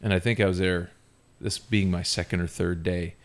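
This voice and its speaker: Man, low voice, animated and self-mocking podcast storyteller. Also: normal speed. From Ontario, Canada. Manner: animated, self-mocking, laughs often while telling. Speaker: podcast host. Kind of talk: casual storytelling.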